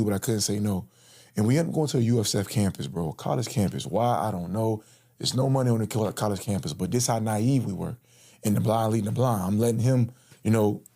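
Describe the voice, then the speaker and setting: A man's voice: mid-range voice, warm tone. A man casually recounting a personal story in an interview, in slangy talk and acting out the quoted lines. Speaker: interview guest.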